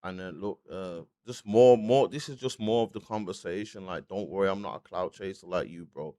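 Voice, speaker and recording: A man talks through his commentary in loose street slang, circling back and checking in with "you get me" every few lines. His voice sits fairly low, and the recording is close and dry with no room sound. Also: normal speed, warm tone, no echo. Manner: slangy, keeps asking "you get me", frequent restarts. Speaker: online commentator. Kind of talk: casual commentary vlog.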